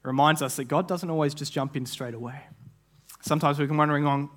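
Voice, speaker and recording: An earnest man preaches a sermon as a guest speaker, with a voice pitched somewhat high for a man. He often repeats words as he restarts a phrase, and he slips into quick imagined voices to act out what people might have said.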